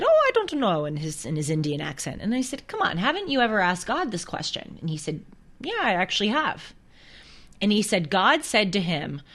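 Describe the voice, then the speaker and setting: A woman's voice: lowish voice, a bit bright. A young woman hosting a casual faith talk on camera, telling stories earnestly with small restarts. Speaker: host. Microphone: camera close to her.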